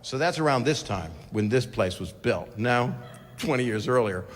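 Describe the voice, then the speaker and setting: A man's voice: mid-range voice, animated, normal speed, faint music behind. A middle-aged man doing a rambling, crude stand-up routine with constant asides. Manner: crude, digressive, self-interrupting asides. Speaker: stand-up comedian. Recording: reverberant hall with crowd ambience.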